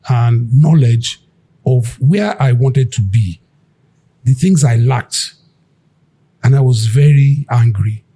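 A man's voice: mid-range voice, breathy edge. A Nigerian man, a musician, recounting his past in an interview and acting out the people he quotes. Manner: animated, acts out quotes. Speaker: guest musician. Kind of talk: storytelling interview.

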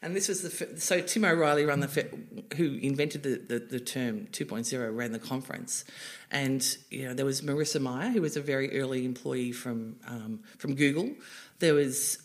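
An Australian woman in her forties speaks as an interview guest. She tells her stories in an animated way, breaking into laughter and restarting her sentences often. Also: very deep voice, normal speed. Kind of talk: casual interview chat.

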